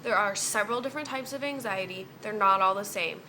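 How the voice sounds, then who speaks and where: A woman's voice: medium pitch, brisk, sharp tone, slight background noise. A young woman in a casual vlog, venting bluntly and cursing freely. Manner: blunt, heavy cursing, exasperated. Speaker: vlogger.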